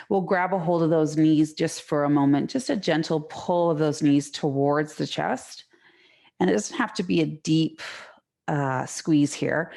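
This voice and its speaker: Female yoga teacher, low and gravelly, soothing guided-class delivery. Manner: calm, slow and soothing cues. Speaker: yoga instructor. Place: home room, online class.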